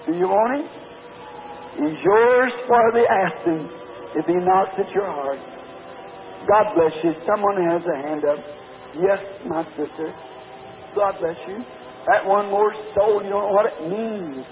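A man's voice: high-pitched, unhurried, long pauses, a little hiss or hum. A middle-aged man preaching an altar call in a large church, pleading in a rhythmic, repetitive way. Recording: tinny lo-fi old sermon tape.

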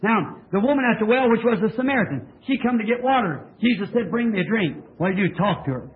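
Captured on thin-sounding, low-fidelity old tape, this sermon comes from a man in a church tabernacle who fires questions at the congregation and presses each point hard. He speaks quickly in a high voice with lively intonation.

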